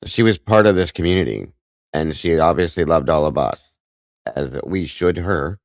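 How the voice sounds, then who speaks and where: Very deep-voiced emotional livestream host. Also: male voice, lively intonation, dry recording. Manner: emotional, halting, with many restarts; warm greetings to chat viewers by name. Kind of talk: emotional live-stream chat.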